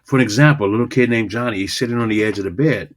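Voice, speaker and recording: A man teaching a public speaking lesson, emphatic and repetitive, swinging between loud and soft delivery. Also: lowish voice, very fast. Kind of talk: coaching lesson to a class.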